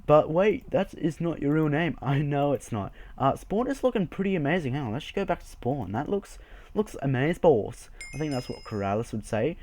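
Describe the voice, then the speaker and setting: A man's voice: on the high side, expressive, moderate pace, darkish tone. A young man hosting a casual game video, chatty, rambling and jokey as he walks through his build. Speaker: Minecraft server video host. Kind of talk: casual gameplay commentary.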